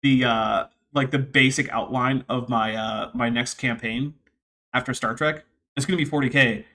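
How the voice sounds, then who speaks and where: A man hosting a casual stream, reacting to a debate clip with sarcastic, animated asides. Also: mid-range voice, moderate pace. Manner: sarcastic, animated mock quoting. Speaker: host.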